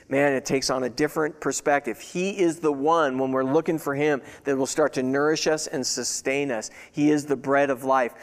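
A man's voice: mid-range voice, in a large hall. A man preaching a conversational sermon, asking his listeners rhetorical questions. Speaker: pastor.

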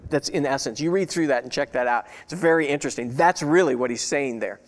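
A man's voice: medium pitch, fast talker, few pauses, long reverb tail. A man preaching a conversational sermon, asking his listeners rhetorical questions. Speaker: pastor.

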